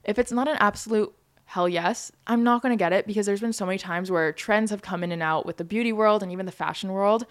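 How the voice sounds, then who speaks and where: A woman's voice: mid-range voice, fast. A woman in her early twenties hosting her own podcast, chatting casually with lots of "like" and "you know" fillers. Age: young adult, 22. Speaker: podcast host. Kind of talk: casual solo podcast chat.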